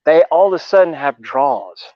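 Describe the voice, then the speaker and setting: A man's voice: a little high, lively intonation, moderate pace, no echo, dull audio. A man from Texas talking casually as a co-host, rambling and swearing with many fillers. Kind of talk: casual chat.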